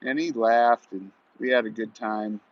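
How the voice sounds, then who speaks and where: A man in his forties telling a story in a rambling, folksy way, outdoors at shooting practice, on muffled audio with loud gunfire. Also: fairly low pitch, fairly even intonation, measured pace, dry recording. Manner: rambling folksy, many "you know" and "he goes". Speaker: vlogger. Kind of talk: casual storytelling monologue.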